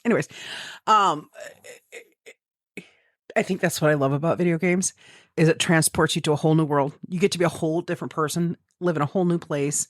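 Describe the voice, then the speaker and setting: Swearing, animated woman telling gaming stories. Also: on the low side, quick pace, no echo, studio quality. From American Midwest. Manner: swears freely, animated storytelling with quoted asides. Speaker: podcast co-host. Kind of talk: casual chat.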